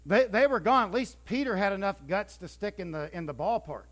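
High-voiced animated male preacher. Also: a little fast, few pauses. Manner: animated storytelling, acting out scripture scenes; conversational, with stumbles and restarts. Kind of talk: sermon.

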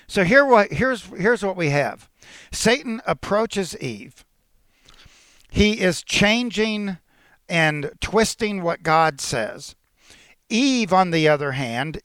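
A man's voice: a little high, fairly bright tone, clear, resonant tone, dry recording, clean studio sound. A male pastor preaching a sermon to his congregation, teaching earnestly and quoting scripture with some restarts.

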